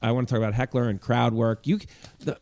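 A man's voice: mid-range voice, fairly even intonation, quick pace, darkish tone, no room sound, clean studio sound. A man hosting a podcast, giving emphatic, opinionated views in casual chat. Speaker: podcast host.

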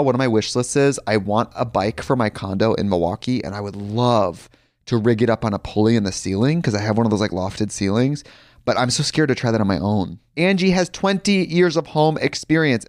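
A man's voice: medium pitch, darkish tone, no echo. Guy doing a chatty host-read ad, dry close mic. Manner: conversational, personal asides. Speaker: podcast host reading an ad.

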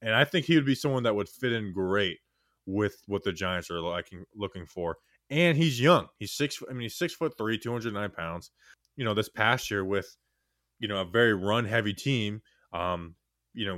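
A young man with a somewhat low voice talks loosely through a sports podcast. He teases his co-host and leans on fillers as he goes. The recording is dry and close. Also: normal speed, a bit bright, no echo. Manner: teasing, loose, full of fillers like "you know". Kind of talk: casual sports podcast chat.

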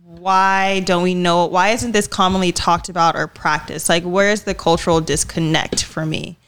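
A woman's voice: on the low side, fairly even intonation, normal speed, fairly bright tone, a little hiss or hum. A woman co-hosting a casual chat, speaking earnestly and addressing the listeners directly.

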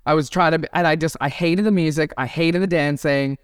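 A woman's voice: deep voice, fairly quick, smooth, no echo, clean studio sound. A young adult woman comedian on a podcast, telling stories bluntly and swearing freely. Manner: blunt, profane, animated storytelling. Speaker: comedian guest. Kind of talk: casual podcast chat.

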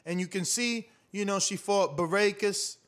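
High-voiced profane livestream host. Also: male voice, normal speed, a bit bright. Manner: loose, profane, rambling and emphatic. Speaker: boxing podcast host. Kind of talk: casual livestream chat.

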